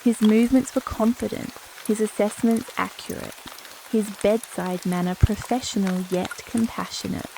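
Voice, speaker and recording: A woman narrating a spicy romance sleep story in a calm, even reading voice. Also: mid-range voice, moderate pace, vocal fry, a little hiss or hum, poor audio.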